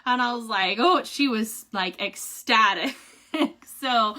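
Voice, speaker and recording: A woman's voice: mid-range voice, slow pace, pushed and bright. A young woman chatting casually to her viewers and reading a devotional aloud, with lots of fillers and restarts. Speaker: vlogger giving a family update.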